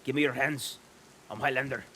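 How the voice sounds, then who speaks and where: A man's voice: mid-range voice, fairly even intonation, fairly quick, noisy background, close to an everyday voice. A man putting on a bad Scottish accent to play an aggressive armed man who barks commands and swears.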